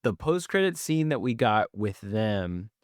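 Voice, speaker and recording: A man co-hosts a casual review podcast, giving candid, jokey opinions in an easygoing way. His voice sits somewhat low. The sound is dry and close to the mic. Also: very animated, a little slow, clean tone, no room sound. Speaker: podcast co-host.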